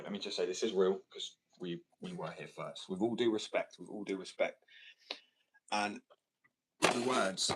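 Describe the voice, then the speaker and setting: A man's voice: deep voice, very noisy. An American man rambling and joking in a casual chat with his viewers, swearing freely. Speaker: streamer chatting with viewers.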